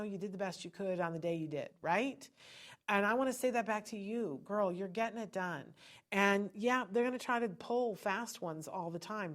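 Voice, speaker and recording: A middle-aged woman hosting a live-stream podcast, chatting with viewers in an encouraging way. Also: medium pitch. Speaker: podcast host.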